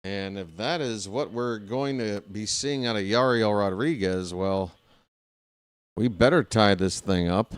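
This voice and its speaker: A man's voice: fairly low pitch, unhurried, smooth, dry recording. A man calling a baseball game live as a fan play-by-play host, rooting openly for his team in a chatty way. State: hiccups.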